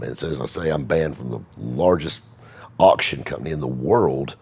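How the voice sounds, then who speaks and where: A man's voice: a bass voice, normal speed, darkish tone, husky. A middle-aged man telling a rambling, folksy, self-mocking story to camera as the host of his own show.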